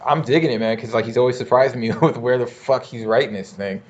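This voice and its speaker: A man's voice: mid-range voice, fast talker. A man co-hosting a casual podcast, talking in a laid-back, slangy way and swearing often. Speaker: podcast co-host. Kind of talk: casual chat. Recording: dull lo-fi recording.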